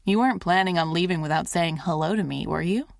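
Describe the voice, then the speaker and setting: A woman's voice: on the low side, quick pace, vocal fry, dry recording, clean studio sound. A woman reading an audiobook, voicing a smug, calculating ex-boyfriend who needles as he talks. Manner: sly and needling.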